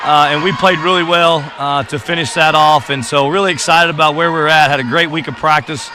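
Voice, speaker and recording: A man's voice: on the high side, fairly even intonation, a little fast, bright, forceful tone, a little hiss or hum. A man, a basketball coach, talking casually in a courtside interview, rambling with many fillers and restarts. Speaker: boys basketball coach, guest. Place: gym during a game.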